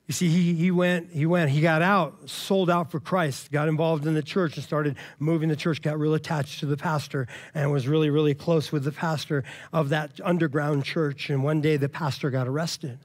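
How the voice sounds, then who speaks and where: A man's voice: on the high side, flat delivery, normal speed, few pauses, dry recording. A man pastor giving an emphatic, conversational sermon full of casual asides to the congregation.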